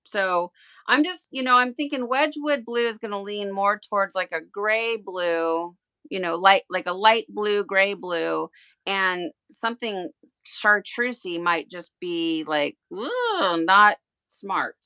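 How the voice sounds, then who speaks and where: A woman chatting on a craft livestream, thinking out loud and stumbling over her words as she asks questions. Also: mid-range voice, unhurried, smooth. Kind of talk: livestream craft demo chat.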